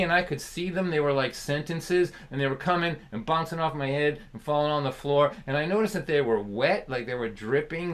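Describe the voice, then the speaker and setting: A male folk performer telling a personal story to a live-stream audience. He is animated and conversational, breaking into laughter often. His voice sits a little high for a man.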